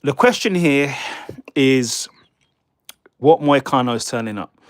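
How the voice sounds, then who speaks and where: A man's voice: mid-range voice, measured pace, no echo, studio quality. A man from the United Kingdom, hosting a casual live stream, rambling and stumbling over names while chatting with viewers. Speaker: livestream host.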